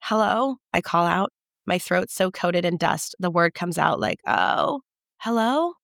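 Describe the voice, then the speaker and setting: A woman giving a measured, intimate first-person audiobook narration. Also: lowish voice, level tone, vocal fry, fairly bright tone, dry recording, studio quality.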